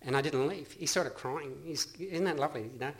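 A middle-aged Australian man with a fairly high voice speaks a little fast as he tells a meeting about his recovery. His testimony is earnest and rambling, full of restarts and laughter.

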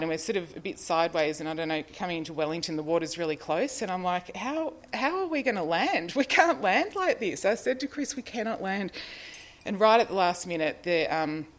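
Low-voiced Australian woman telling her story. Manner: rambling, self-deprecating, laughs often, many fillers. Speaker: person in recovery sharing her story. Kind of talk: personal testimony, casual storytelling.

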